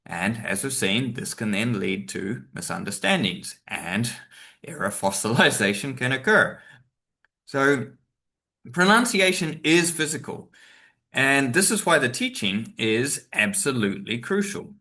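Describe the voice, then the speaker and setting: A man's voice: medium pitch, big pitch swings, a little slow, bright, forceful tone. A man giving a chatty webinar talk as a teacher trainer, with many fillers and asides, sometimes acting out example sentences. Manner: acts out stressed example sentences.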